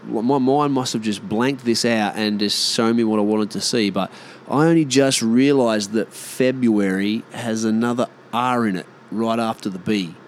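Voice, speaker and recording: An Australian man in casual monologue, rambling and swearing, often animated. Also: on the low side, normal speed, a little hiss or hum.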